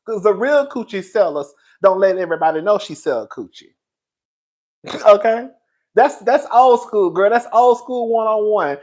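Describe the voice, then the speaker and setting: A man's voice: high-pitched, animated, normal speed, darkish tone, rough recording. A man hosting a gossip livestream, who laughs often and stretches out his words. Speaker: livestream host. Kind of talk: gossip commentary.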